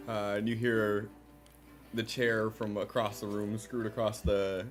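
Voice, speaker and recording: A man's voice: fairly low pitch, little pitch movement, measured pace, faint music behind. Man narrating as game master.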